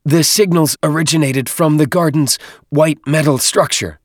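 A man voicing a small alien male deacon who squeaks in a high, muffled voice. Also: normal speed, no echo, studio quality, natural voice. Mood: reporting. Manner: squeaky, muffled over a comm unit.

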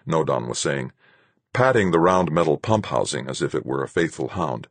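A man narrating a first-person story in a measured, even storytelling voice. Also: extremely low pitch, creaky, husky, no echo. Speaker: audiobook narrator.

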